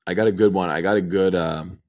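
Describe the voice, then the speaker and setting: A young man in his twenties with a very low voice, chatting casually on a podcast. He tells a long story and plays out the dialogue of everyone involved. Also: a little fast. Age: 20s. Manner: animated storyteller acting out dialogue. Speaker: podcast co-host.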